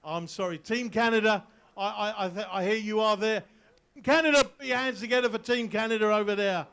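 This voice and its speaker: An English man commentates live on a water ski event outdoors, joking with the crowd between jumps. His voice sits high for a man and rings out smooth and clear. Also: brisk, fairly bright tone. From England. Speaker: event announcer. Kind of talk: live sports commentary over a PA.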